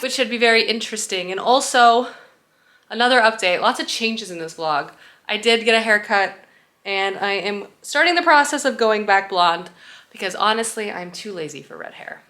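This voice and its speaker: A woman's voice: mid-range voice, pushed and bright, reverberant. A woman book vlogger chatting casually at home, enthusiastic and full of "like" fillers. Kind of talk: casual vlog chat. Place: home under construction, indoors.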